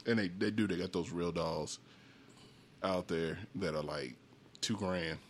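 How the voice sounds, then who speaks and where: Low-voiced profane podcast co-host. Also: male voice, unhurried, a little hiss or hum. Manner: loose, profane, rambling with restarts. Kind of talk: casual chat.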